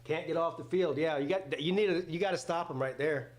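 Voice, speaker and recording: Excitable man reacting live to football. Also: on the high side, a little fast. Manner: rambling, excitable, swears casually. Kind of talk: casual live play-by-play reaction. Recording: roomy echoey home setup.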